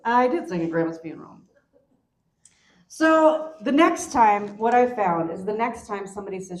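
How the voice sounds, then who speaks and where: A young woman performing stand-up comedy, telling a story with animated voiced quotes. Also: mid-range voice, normal speed, a little hiss or hum. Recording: echoey stage with music.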